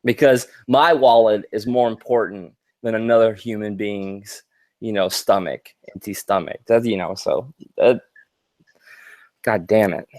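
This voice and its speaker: A man's voice: lowish voice, normal speed, a little mellow, dry recording. A man on a casual podcast, ranting in a heated, profane way, stammering and restarting as he gets worked up, nearly in tears. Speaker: podcast co-host.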